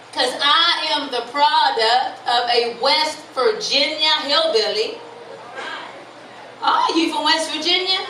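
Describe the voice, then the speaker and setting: A woman from Florida performing live stand-up comedy. She is bubbly and teases the crowd with questions. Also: high-pitched. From Florida, USA. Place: live stage venue with audience. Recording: echoey live room from far off. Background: audience laughter and room noise.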